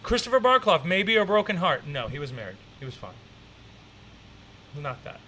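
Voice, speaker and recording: A man hosting a stream, reacting to clips in a rambling, profane, excitable way. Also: fairly high pitch, moderate pace, a little hiss or hum. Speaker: streamer host. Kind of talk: casual reaction commentary.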